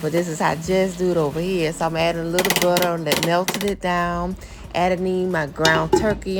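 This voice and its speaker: A woman chats through her cooking vlog, talking straight to her viewers and calling them y'all. Her voice sits low. The recording carries a clear layer of background noise. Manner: chatty, addresses viewers as y'all. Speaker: cooking vlogger. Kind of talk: casual cooking voice-over.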